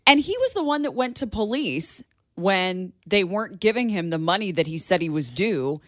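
A man's voice: high-pitched, animated, moderate pace, fairly bright tone, no echo, studio quality. A man co-hosting a talk radio show, laying out his opinions at length. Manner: opinionated, argues points at length. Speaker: radio co-host. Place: radio studio.

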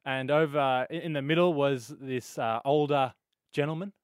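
An Australian man co-hosting a radio show, telling stories in chatty, animated banter. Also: medium pitch, normal speed, clear, resonant tone, no room sound, studio quality. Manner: animated storyteller, chatty with fillers and laughs. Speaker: radio co-host. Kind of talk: casual banter on breakfast radio.

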